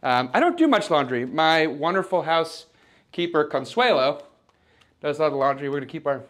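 A man with a fairly high, animated, somewhat bright voice at a moderate pace plays a smug, rambling rich guy. In this improvised home-tour parody, his oblivious young character shows off his loft room by room, boastful and mock-sentimental.

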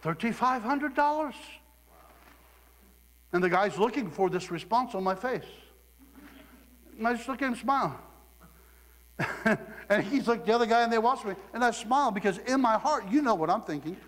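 A middle-aged male preacher from Southeast Ohio delivers a sermon in a fairly high voice, acting out people's lines with animated storytelling. His voice rings with the long reverb of a big hall. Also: normal speed, pauses often. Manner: animated storytelling with acted quotes and laughter.

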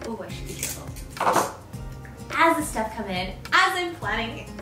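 Woman, thirty, vlogger, high lively voice, gushing, gasping, echoey room, mic at a distance, loud music behind. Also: normal speed. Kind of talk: casual birthday vlog.

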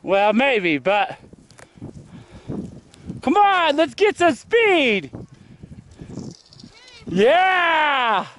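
High-voiced man cheering from a snowy hill. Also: big pitch swings, very slow, pauses often, fairly bright tone, slight background noise. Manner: cheering, teasing, laughing often. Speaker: friend filming a ski trip. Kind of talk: excited casual commentary. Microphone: handheld camera.

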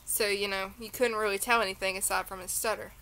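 A woman's voice: mid-range voice, level tone, quick pace, pushed and bright, a little hiss or hum, rough recording. A tired woman with a Southern accent, rambling through a casual beauty unboxing chat full of tangents. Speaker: beauty vlogger.

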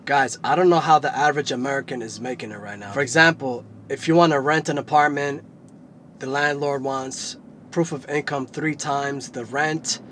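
A man's voice: mid-range voice, fairly even intonation, normal speed, a bit bright, a little hiss or hum. A man from New Jersey talking casually to camera, plain-spoken and explaining with examples. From northern New Jersey.

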